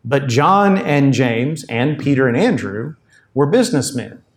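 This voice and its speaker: A man's voice: mid-range voice, big pitch swings, unhurried. A man preaching a sermon in a conversational, explanatory way, full of asides. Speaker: pastor.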